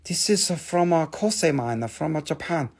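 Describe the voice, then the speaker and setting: A man putting on a gem seller who speaks in clipped, broken English while pitching stones. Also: lively intonation, breathy edge. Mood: selling. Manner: clipped, halting, broken phrasing.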